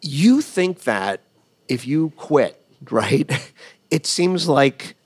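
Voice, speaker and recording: A man's voice: on the high side, lively intonation, extremely slow, husky, no room sound. A middle-aged man hosting an interview, inquisitive and talkative, often going off on tangents. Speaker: interviewer, podcast host. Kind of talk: casual conversational interview.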